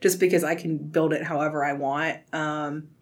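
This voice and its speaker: A woman's voice: low voice, fairly even intonation, normal speed. A woman guest in a casual chat, rambling along with lots of filler words.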